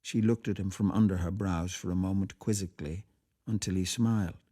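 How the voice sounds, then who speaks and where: A man reading a classic short story aloud for radio in a measured, quiet way. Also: low voice, steady tone, husky.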